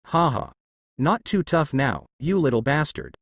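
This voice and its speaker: A man's voice: on the high side, animated, measured pace, dry recording. A man voicing a brash, teasing teenage boy ninja. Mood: mocking. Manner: cocky and teasing.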